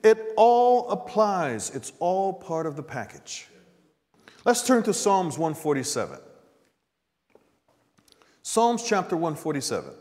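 Slow-preaching man in an echoing hall. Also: sits high, wildly swooping pitch, darkish tone. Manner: preaching with call-and-response "Amen?". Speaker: pastor. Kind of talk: sermon. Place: church sanctuary. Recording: long hall reverb.

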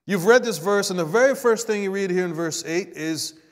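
A man preaching a sermon to a congregation. He swings between quiet asides and emphatic rises, and calls out for responses. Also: high-pitched, fairly quick. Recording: long hall reverb.

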